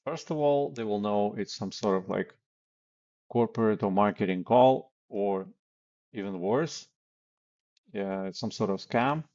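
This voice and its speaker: Slow, gravelly man coaching cold calls. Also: fairly low pitch, darkish tone, muffled recording. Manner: blunt, conversational, many fillers and acted example lines. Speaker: sales coach. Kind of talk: casual instructional talk.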